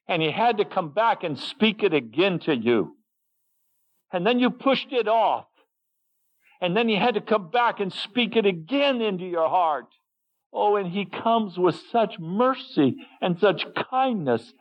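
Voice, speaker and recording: A man preaching with earnest emotion, letting his voice sink low and soft at tender moments. He speaks slowly and deliberately. The recording sounds dull and muffled. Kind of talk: sermon.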